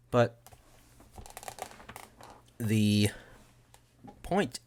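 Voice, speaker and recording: A man's voice: deep voice, steady tone, a little slow, vocal fry, pauses often. A young man hosting a podcast, rambling casually and jokingly with lots of "dude" and fillers. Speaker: podcast host.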